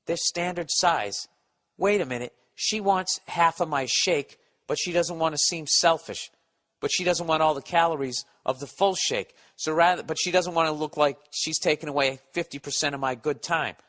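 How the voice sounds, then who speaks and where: A man's voice: on the high side, moderate pace, sharp tone. A man hosting a podcast, ranting in a casual, profane, sarcastic and rambling way. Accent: Boston. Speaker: podcast host. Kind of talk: casual comedic rant.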